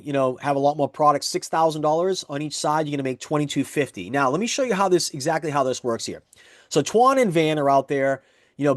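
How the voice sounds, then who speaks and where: A network marketing presenter with a fairly high voice delivers an eager sales pitch, moving through example after example and repeating the same points as he builds his case. The sound is dry and close, with no room sound.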